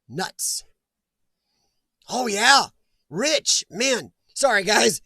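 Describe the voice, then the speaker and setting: Chatty high-voiced man streaming. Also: sing-song, very slow, creaky, long pauses, sharp tone, no echo. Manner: chatty, laughs often, talks back to chat. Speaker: live stream host. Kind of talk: casual live-stream chat reading comments.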